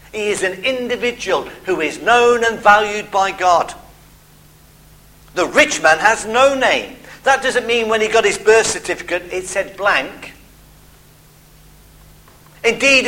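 High, bright-voiced preaching man. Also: poor audio. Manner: expressive preaching with emphatic pauses and asides. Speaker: pastor. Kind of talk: sermon.

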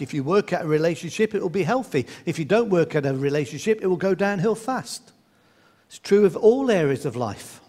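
A man's voice: high voice, darkish tone. A man preaching a sermon in an earnest way, sometimes acting out the voices in his stories. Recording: long hall reverb.

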